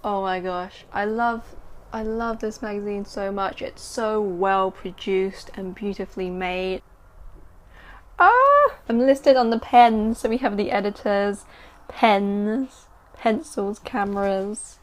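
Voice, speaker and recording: A woman, chatting excitedly about her writing and reading aloud from her story. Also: medium pitch, slow. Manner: excitable, chatty, filler-heavy. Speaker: writer and vlogger. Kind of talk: casual chat and story reading.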